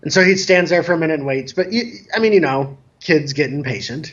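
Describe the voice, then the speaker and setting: A man guest telling a casual story about himself in a relaxed, self-mocking way, over a remote call. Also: a little high, a little fast, highs cut off. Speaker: guest, dance DJ.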